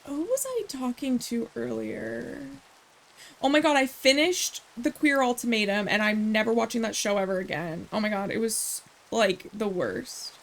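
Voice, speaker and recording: A woman streamer chatting casually while she plays a game. Her voice sits a little high, and her talk rambles, with sarcastic asides along the way. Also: animated, normal speed, vocal fry. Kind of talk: casual gameplay chat.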